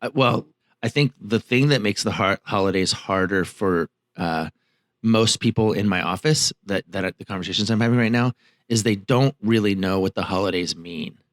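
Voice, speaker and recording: This man's voice sits on the low side, and he talks at a moderate pace. He is a marriage therapist and podcast co-host, reflective and anecdotal in casual conversation, with plenty of fillers, recorded at studio quality with no room sound.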